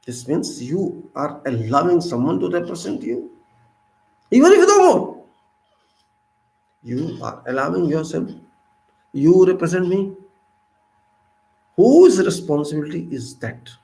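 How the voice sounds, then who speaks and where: A man in his fifties speaks with an Indian English accent in a fairly high, gravelly voice. He delivers an impassioned, preachy monologue, firing rhetorical questions and swinging between loud and soft. The sound carries the echo of a roomy space. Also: a little slow. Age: 50s. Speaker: civic commentator.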